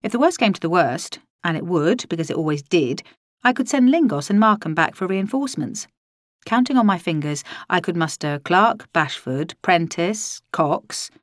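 A woman's voice: fairly low pitch, no echo, studio quality. A woman narrating a first-person audiobook in a wry, dryly comic manner.

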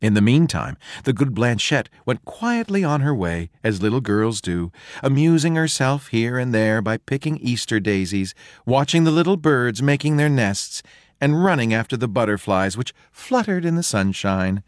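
A man reading a fairy tale aloud in a slow, expressive storytelling manner. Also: medium pitch, no echo, studio quality.

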